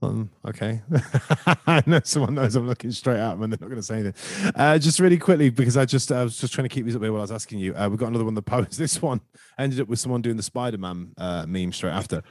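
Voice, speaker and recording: A man's voice: mid-range voice, fast talker, darkish tone, no room sound, clean studio sound. A man hosting a casual football chat on a video call, joking and self-deprecating, rambling from point to point. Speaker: podcast host.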